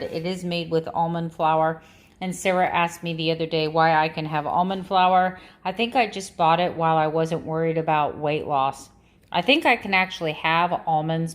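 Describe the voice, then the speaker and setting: A middle-aged woman chatting casually to camera as a vlogger, rambling and correcting herself as she goes. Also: lowish voice. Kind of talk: casual chat.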